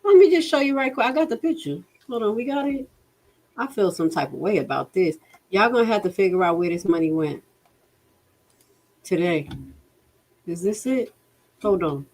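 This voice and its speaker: An outspoken woman hosts a casual livestream in a mid-pitched voice. She sounds exasperated, swears freely and talks straight to her viewers. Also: lively intonation, normal speed, long pauses, a little mellow. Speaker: livestream host reviewing a township budget.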